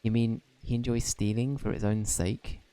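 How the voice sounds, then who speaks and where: A man's voice: lowish voice, little pitch movement, normal speed, mellow, smooth, natural voice. A man reading an earnest, polite young hero.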